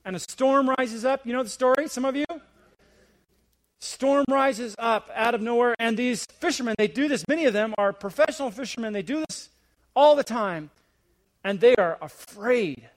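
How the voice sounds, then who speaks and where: A middle-aged man preaching a sermon with a fairly high voice. He climbs into emphatic, rising questions, then falls to near-whispered, hushed lines. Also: moderate pace. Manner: swings between rising, emphatic preaching and hushed, low asides. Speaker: visiting senior pastor.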